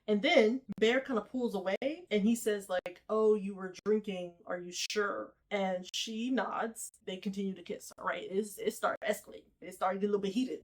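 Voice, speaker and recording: A woman in a relaxed, conversational recap, talking through a movie's plot with lots of filler words and quick asides. She keeps checking in with the listener as she goes, in a mid-pitched everyday voice. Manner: chatty, animated storytelling with frequent "like" and "okay?". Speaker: movie reviewer.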